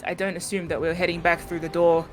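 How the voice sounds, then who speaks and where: A woman's voice: lowish voice, flat delivery, quick pace, faint music behind. A woman playing in a tabletop game session, chatting casually, giggling and restarting her sentences often. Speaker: player.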